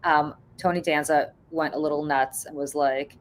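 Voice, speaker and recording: Woman podcast host on a video call, animated storyteller, salty tongue. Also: deep voice, moderate pace. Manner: animated storytelling, swears freely. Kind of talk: casual chat.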